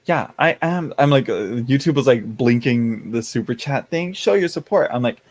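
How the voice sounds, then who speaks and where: A man's voice: mid-range voice, lively intonation, normal speed. A man hosting a casual live stream, chatting with viewers, laughing often and reading the chat aloud. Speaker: tarot livestream host.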